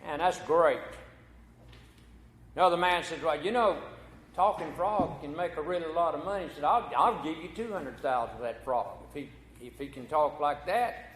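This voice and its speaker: A man's voice: fairly high pitch, lively intonation, normal speed, a bit bright, a little hiss or hum. A man preaching a folksy sermon as pastor, telling a corny joke before turning to scripture. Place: church sanctuary. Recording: echoey church hall.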